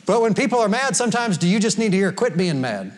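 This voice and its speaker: In a church sanctuary, a pastor gives a folksy sermon to his congregation, laughing frequently and drawing on scripture. He speaks very fast in a high-pitched voice, and there's a little hiss or hum on the recording.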